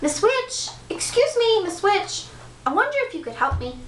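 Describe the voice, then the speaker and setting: A woman's voice: very high-pitched, big pitch swings, moderate pace, slight background noise, pitched above the performer's own voice. A woman voicing a nervous, overly polite young male frog prince who stammers and fusses. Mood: flustered. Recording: echoey room from far off.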